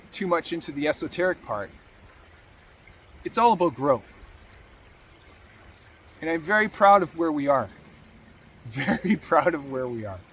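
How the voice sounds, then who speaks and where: A man's voice: a little high, fairly bright tone, slight background noise. A man hosting a motivational talk, earnest and encouraging, repeating key phrases for emphasis. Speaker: podcast host.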